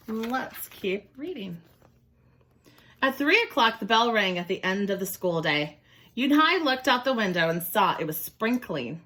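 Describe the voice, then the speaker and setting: A woman teacher reading a picture book aloud to children, expressive and pausing to ask questions. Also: medium pitch. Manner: expressive, explains and asks questions.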